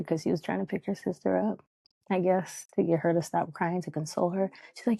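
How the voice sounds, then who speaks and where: A woman's voice: fairly low pitch, steady tone, brisk, vocal fry, warm tone, breathy edge, no room sound. A woman hosting a podcast, talking in a candid, heartfelt, rambling way with lots of fillers. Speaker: podcast host. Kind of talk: casual podcast monologue.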